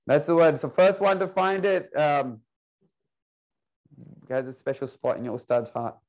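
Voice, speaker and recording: A man teaching an Arabic class online, playful and coaxing, repeating words slowly for his students. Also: fairly high pitch, animated, a little mellow.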